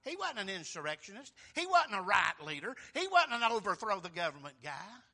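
Man, preacher, high voice, folksy and emphatic, swinging loud and soft. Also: wildly swooping pitch, fairly quick, gravelly. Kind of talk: sermon.

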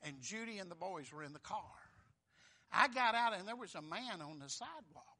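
A middle-aged man preaching a sermon, moving from quiet, conversational explanation to shouted fervor, repeating phrases and calling out "Amen?" to the congregation. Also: high-pitched, lively intonation, a little fast.

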